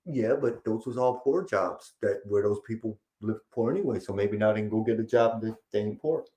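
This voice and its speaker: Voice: medium pitch, a little fast, mellow. A co-host in casual chat, dropping short, dry interjections. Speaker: podcast co-host.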